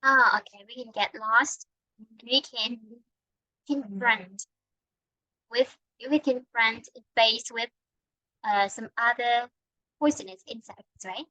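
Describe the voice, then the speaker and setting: Higher-voiced teacher, Vietnamese accent. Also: female voice, slow pace, pauses often, pushed and bright, dry recording, poor audio. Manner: patient, checks understanding often. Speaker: English teacher. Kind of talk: online English lesson. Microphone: computer mic on video call.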